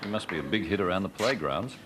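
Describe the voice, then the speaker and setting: A man's voice: low voice, expressive, quick pace, over a noisy crowd, heavy background noise. An Australian man making wisecracking asides as a co-host on a live TV variety show. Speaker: co-host, comic sidekick. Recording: live TV studio with audience and band.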